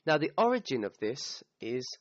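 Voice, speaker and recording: A man's voice: medium pitch, very animated, moderate pace, dry recording. A man gives a recorded grammar lesson, walking through each point and checking in with "okay?" as he goes. The sound is a bit dull and dry, with no room around it. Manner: explanatory, checks in with "okay?", quotes Arabic verses. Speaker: Quran teacher.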